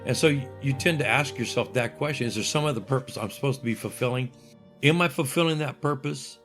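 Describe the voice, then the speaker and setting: A man's voice: medium pitch, fast talker, soft background music. An older man, a guest in an interview, telling stories with wry humor and acting out what other people said. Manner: lively anecdotal, acts out voices of others. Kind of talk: interview storytelling.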